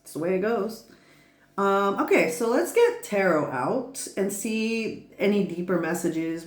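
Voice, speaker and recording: A woman's voice: mid-range voice, animated, measured pace, echoey room. A woman giving a casual tarot reading who rambles, laughs often and swears freely. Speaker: tarot reader.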